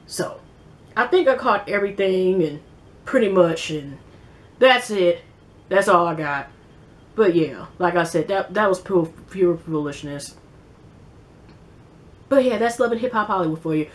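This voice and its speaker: A woman's voice: fairly low pitch, expressive, a little slow, long pauses. A woman reviewing a reality show in a casual vlog, rambling bluntly with profanity and many fillers.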